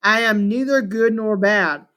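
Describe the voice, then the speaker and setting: A man's voice: high-pitched, a little slow, bright, forceful tone, clean tone. A man reading aloud as an ancient, scornful male chaos god living in a shulker shell, grumbling and grandiose.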